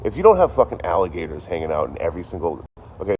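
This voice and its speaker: A man's voice: low voice, huge pitch swings, racing, darkish tone, a little hiss or hum. A man streaming to a live chat, ranting casually and profanely, repeating his lines as he goes.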